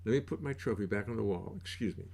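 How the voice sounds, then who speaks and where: A man's voice: lowish voice, fast, creaky, darkish tone. An older man hosting a casual livestream from his home studio, chatting in a wry, self-mocking way through a desk mic. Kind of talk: casual rambling livestream chat.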